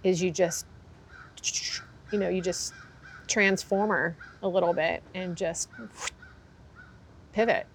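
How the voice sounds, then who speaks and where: A woman's voice: on the low side, fairly even intonation, slow pace, long pauses, a little hiss or hum. A woman horse trainer being interviewed, telling her story candidly and acting out what people said. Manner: candid storytelling, acts out quotes. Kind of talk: conversational interview.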